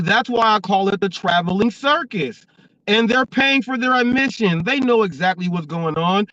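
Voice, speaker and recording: A high-pitched man hosts a live stream in a hyped, slangy way. His voice sounds far from the mic, dull and dry. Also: fairly bright tone, dry recording. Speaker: show host. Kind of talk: casual live-stream hosting.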